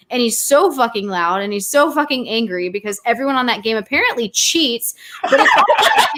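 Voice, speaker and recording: Bright high-voiced woman telling stories. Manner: animated, profane storytelling with frequent laughs. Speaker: podcast guest. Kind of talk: casual chat.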